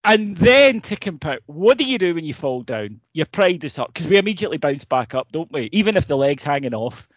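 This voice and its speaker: A man's voice: fairly high pitch, very animated, fairly quick, hardly any pauses, no room sound, dull audio. A man, co-hosting a podcast, telling stories and ranting in casual, sweary chat. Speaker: podcast co-host.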